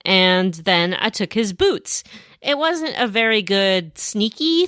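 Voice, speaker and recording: A woman co-hosting a podcast, retelling her game in casual, animated storytelling. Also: mid-range voice, slow, no echo, clean studio sound. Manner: animated storytelling, acts out characters. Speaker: podcast co-host. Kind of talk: casual chat recapping a game.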